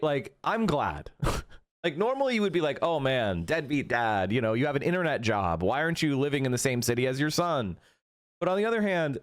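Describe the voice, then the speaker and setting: Animated, profane man reacting to clips. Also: on the high side. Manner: heated, mocking, swears constantly. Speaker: stream host reacting to clips.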